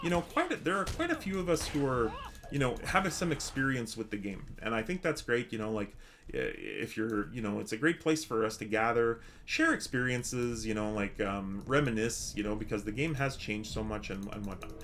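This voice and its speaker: A man's voice: mid-range voice, sing-song, normal speed, fairly bright tone, slight background noise. A man streaming a game, chatting casually with viewers in a rambling, hesitant way with many restarts. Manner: chatty with viewers, reads chat aloud. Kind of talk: casual live-stream chat.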